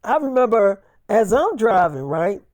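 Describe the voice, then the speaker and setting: A woman's voice: medium pitch, sing-song, a little slow, darkish tone, dry recording. Profane woman freestyling a story. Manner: profane, blunt, tells it as a man character. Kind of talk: improvised first-person story, freestyle.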